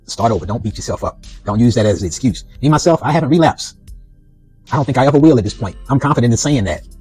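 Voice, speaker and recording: Husky-voiced man sharing a personal story. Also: mid-range voice, animated, fast, darkish tone, faint music behind, rough recording. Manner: conversational, leans on "you know" and "right". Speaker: vlogger. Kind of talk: personal reflective monologue.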